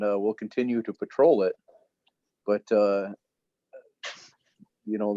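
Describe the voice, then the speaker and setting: Cop on a call, firm and blunt, dry dull sound. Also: male voice, medium pitch, a little mellow, no room sound. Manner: blunt, firm, matter-of-fact. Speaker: police officer. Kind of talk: remote council meeting report.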